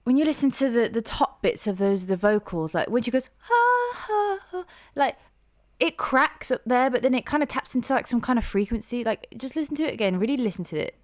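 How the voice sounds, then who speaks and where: A woman's voice: a little high, lively intonation, quick pace, few pauses, dry recording, clean studio sound. A young woman hosting a music reaction, gushing and rambling with lots of fillers and restarts. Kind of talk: casual reaction commentary.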